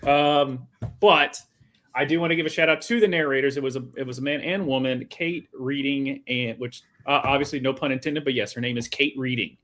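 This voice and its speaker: A man's voice: medium pitch, fairly quick, a bit bright. A man co-hosting a book club podcast, talking casually in a rambling, joking way. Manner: rambling, many restarts and fillers, joking. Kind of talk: casual chat.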